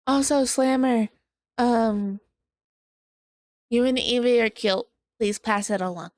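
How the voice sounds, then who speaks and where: A woman streamer chatting casually with viewers in a bubbly, excited high-pitched voice. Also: slow, pauses often, no room sound. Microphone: desk microphone.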